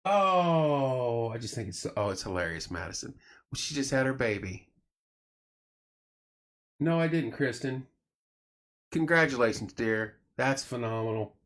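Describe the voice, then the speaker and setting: This middle-aged host of a relaxed late-night chat show has a mid-range voice and an unhurried delivery with long pauses. He spins stories with animation, performing the voices of the people he's quoting.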